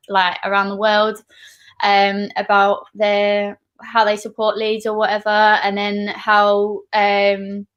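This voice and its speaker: A woman's voice: medium pitch, a bit bright. A woman co-hosting a casual live stream chat on a video call, friendly and a bit hesitant. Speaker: co-host.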